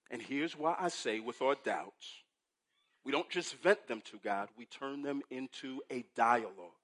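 A man preaching a sermon, moving from hushed, low passages to loud, emphatic ones, and often checking in with the listeners with "right?". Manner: asks the congregation "right?" often. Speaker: pastor.

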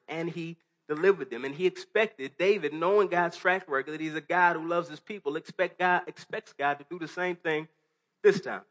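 In a church hall before a congregation, a man preaches a sermon earnestly and conversationally, restarting at times and posing rhetorical questions. His voice is fairly high and a bit bright.

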